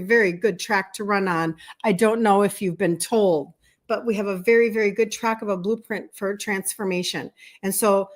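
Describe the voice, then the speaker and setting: A woman in her fifties with a Minnesota accent, hosting a casual livestream as a health coach and greeting viewers by name. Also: medium pitch. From Minnesota, USA. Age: 50s. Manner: chatty, repeats words, greets viewers by name. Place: indoor room with balloons behind her.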